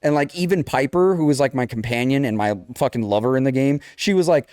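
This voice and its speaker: A young man co-hosts a podcast, telling a video game story in casual chat with animated energy, acting out game characters and swearing a lot. His voice is medium-pitched and smooth, and he talks fast. The studio-quality recording has no echo.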